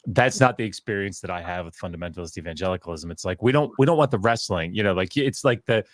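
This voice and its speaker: A low-pitched man tells a story casually and with energy, slipping into the voices of people he quotes. The sound is dry and close. He mocks himself as he goes. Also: fast, dry recording. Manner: animated, acts out quoted voices, self-mocking. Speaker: guest scholar. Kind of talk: casual storytelling on a video call.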